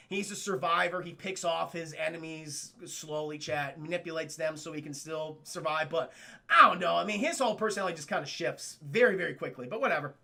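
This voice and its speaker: High, gravelly man recapping a movie. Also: pushed and bright. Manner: profane, rambling, addresses chat. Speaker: streamer reviewing a film. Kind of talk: casual live-stream film recap.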